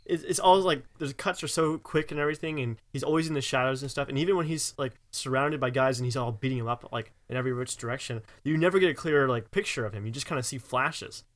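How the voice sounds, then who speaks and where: A man's voice: mid-range voice, fast talker, hardly any pauses. Chatty man in a casual talk. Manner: loose and chatty, many fillers, laughs. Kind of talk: casual movie discussion.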